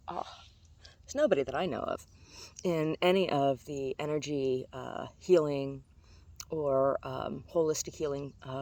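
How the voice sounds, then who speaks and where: Gravelly-voiced woman chatting outdoors. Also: sits low, a little mellow. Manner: chatty, self-deprecating, laughs at her own jokes. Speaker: vlogger doing tarot card readings. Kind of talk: casual rambling chat. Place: outdoors among redwoods.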